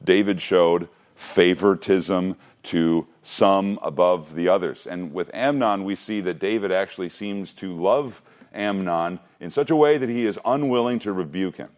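A man's voice: deep voice, measured pace, a little mellow. A man preaching a sermon in a conversational way, adding wry joking asides to the congregation. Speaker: pastor.

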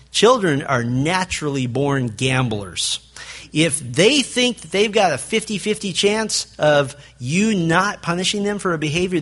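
A man preaching a sermon to fathers, telling stories in an animated way and acting out the people in them. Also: on the high side. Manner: animated storytelling, acts out quoted voices. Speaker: pastor.

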